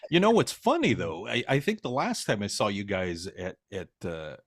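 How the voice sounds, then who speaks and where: A man hosting a podcast in casual chat, relaxed, swearing freely and laughing along with his guest. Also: lowish voice, moderate pace, dry recording, studio quality. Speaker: podcast host.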